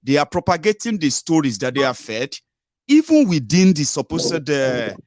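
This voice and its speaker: A man's voice: fairly high pitch, very animated, moderate pace, a little mellow, dry recording. A Nigerian man hosting a call-in show, talking with callers in a conversational way, with fillers and asides. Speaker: host. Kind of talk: phone-in talk show.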